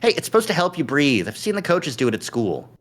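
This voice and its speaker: A man's voice: on the high side, wildly swooping pitch, quick pace, pitched above the performer's own voice. A man voicing a young male furry protagonist in a visual novel, joking and exasperated. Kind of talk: reading a visual novel aloud.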